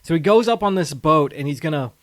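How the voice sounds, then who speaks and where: A man co-hosting a movie podcast, retelling scenes in a casual, animated way and laughing often. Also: a little high, quick pace. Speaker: podcast co-host.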